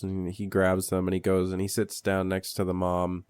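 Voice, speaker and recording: A man's voice: sits low, little pitch movement, normal speed, darkish tone, smooth, no echo. A man co-hosting a podcast, chiming in on a film recap and acting out the characters' quotes. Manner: chimes in with acted-out quotes and laughs. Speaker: podcast co-host. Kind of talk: casual film recap chat.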